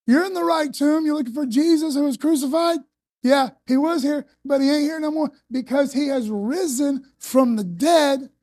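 A woman's voice: high-pitched, moderate pace, dark tone, voice pushed up, close to an everyday voice. A woman preaching, voicing a young male angel as an easygoing, slangy speaker. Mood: reassuring. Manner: laid-back slangy retelling.

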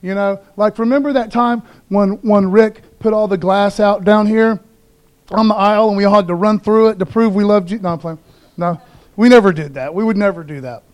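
A man with a high voice preaches to his church in a loose, conversational way. He throws in jokey asides and keeps saying "man" and "you know" as he talks to the congregation. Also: brisk. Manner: folksy, informal, says "man" and "you know" a lot. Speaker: pastor. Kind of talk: casual sermon. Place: church sanctuary.

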